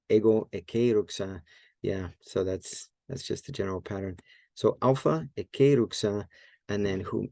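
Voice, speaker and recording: A man's voice: on the low side, creaky, warm tone, dry recording. A man teaching a Greek grammar lesson in a casual, think-aloud way, often correcting himself and using many fillers. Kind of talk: casual screen-share lesson.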